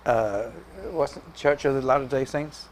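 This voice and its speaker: A man's voice: medium pitch, normal speed, over a noisy crowd. A man co-hosting a casual movie podcast, talking hesitantly with many fillers. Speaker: podcast co-host. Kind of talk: casual chat.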